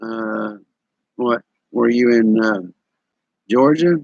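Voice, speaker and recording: This live stream host, a man in his sixties from Tennessee, speaks slowly in a gravelly, somewhat mellow mid-range voice, casually telling folksy stories to his chat. He drawls in an East Tennessee Southern accent and chuckles often. The lo-fi sound has no room sound.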